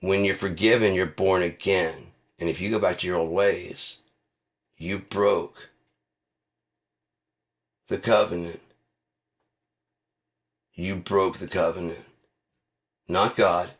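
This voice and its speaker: A man's voice: low voice, fairly even intonation, slow, pauses often. A man hosting his own channel, delivering a profane, heated, mocking rant. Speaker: channel host. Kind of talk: ranting monologue.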